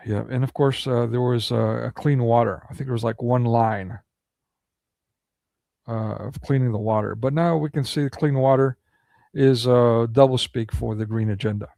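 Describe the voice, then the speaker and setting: A man rants through a commentary monologue, firing off indignant rhetorical questions. His mid-pitched voice is gravelly. The recording is close and dry, with no room sound. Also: steady tone, moderate pace, long pauses, dark tone, dry recording. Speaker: political commentary vlogger.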